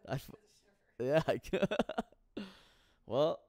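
Guy rambling solo, swears a lot, smooth mid voice, dry close sound. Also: mid-range voice, extremely slow, warm tone, dry recording. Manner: rambling, profane, laughs often. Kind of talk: casual solo monologue.

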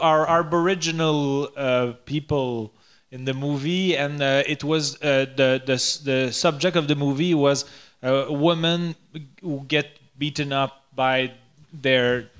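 A French-native man co-hosts a podcast in loose, casual chat. He talks slowly and often halts mid-sentence to search for the English word. His voice sits a little high for a man. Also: fairly bright tone, clean tone. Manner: halting, searches for English words. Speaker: podcast co-host.

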